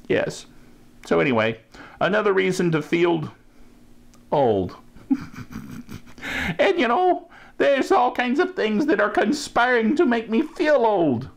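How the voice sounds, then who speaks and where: A man's voice: sits high, sing-song, takes it slowly, creaky, long pauses. A middle-aged man hosting a tech podcast, chatting casually with an enthusiastic, jokey manner. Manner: enthusiastic and jokey, laughs at himself. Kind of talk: casual tech news chat.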